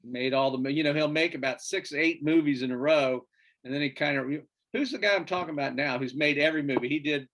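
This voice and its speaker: A man's voice: on the high side, fast talker, fairly bright tone. A man co-hosting a casual sports chat show, rambling through stories and searching for names with fillers. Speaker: podcast co-host.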